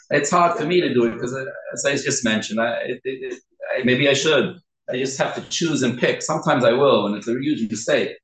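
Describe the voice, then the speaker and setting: Man, mid pitch, earnest teacher, drills pronunciation word by word; roomy echo. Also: a bit bright. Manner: earnest, repeats words slowly to correct them. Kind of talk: informal class talk. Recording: echoey room.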